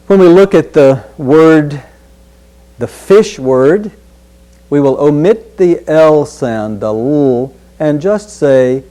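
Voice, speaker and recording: A male speech instructor leads a pronunciation drill at a slow, measured pace. His voice is mellow and sits in a middle register. He sounds out each word with care and repeats it for the listener. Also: a little high, animated.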